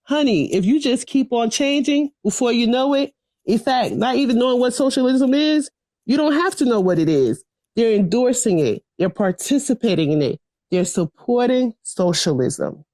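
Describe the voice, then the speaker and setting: A woman's voice: a little high, lively intonation, normal speed, dark tone, dry recording, clean studio sound. A woman reciting a political speech to a class over a video call, in a rhythmic, preachy call-and-response manner. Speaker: political education speaker.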